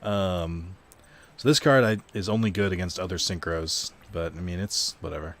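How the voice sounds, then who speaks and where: A man's voice: deep voice, moderate pace, a bit bright. A young man casually commenting on a card video game stream, rambling and self-deprecating, swearing now and then.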